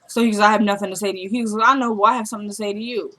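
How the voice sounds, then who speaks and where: A woman's voice: mid-range voice, steady tone, very fast, bright, forceful tone. A woman casually recapping a TV drama episode, acting out the characters' lines as she retells each scene. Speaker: show recapper.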